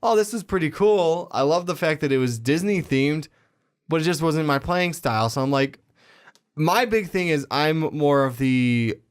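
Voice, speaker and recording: A man's voice: fairly high pitch, moderate pace, clear, resonant tone. A young man co-hosting a casual gaming podcast, laid-back and a little hesitant. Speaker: podcast co-host. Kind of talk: casual chat.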